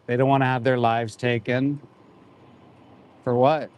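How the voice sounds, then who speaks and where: A man's voice: medium pitch, level tone, a little slow, long pauses, dull audio. A man in his forties, an activist livestreaming outdoors by a roadside, speaking in a somber, indignant way with short repeated phrases. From Canada. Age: 40s. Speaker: animal rights activist livestreaming. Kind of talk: live outdoor commentary.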